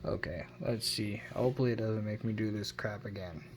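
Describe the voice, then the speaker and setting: A man's voice: lowish voice, brisk, a little hiss or hum. A man giving a casual phone review, rambling and correcting himself as he goes. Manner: rambling, self-correcting, unsure of his numbers. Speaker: tech vlogger.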